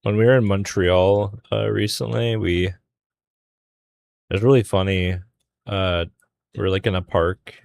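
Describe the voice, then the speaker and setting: Young male artist on stream, deep gravelly voice, loose rambling chat. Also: darkish tone. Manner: rambling storytelling with many fillers. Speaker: artist streaming a drawing session. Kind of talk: casual chat while drawing.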